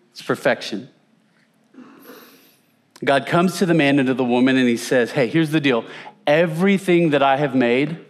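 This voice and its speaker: A man teaching a conversational Bible lesson, asking his audience questions and repeating words for emphasis. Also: medium pitch. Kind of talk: teaching sermon with slides.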